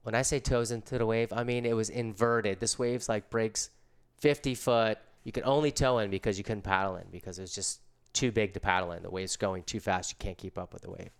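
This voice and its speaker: A man's voice: fairly low pitch, fairly even intonation, fairly quick, gravelly, hardly any pauses, smooth. A middle-aged man casually telling a story in laid-back, slangy surfer talk.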